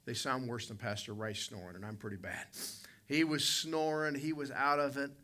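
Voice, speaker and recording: A man's voice: medium pitch, steady tone, moderate pace, pushed and bright. A man, preaching a sermon and telling a folksy personal story, calling out to people in the congregation. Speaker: pastor.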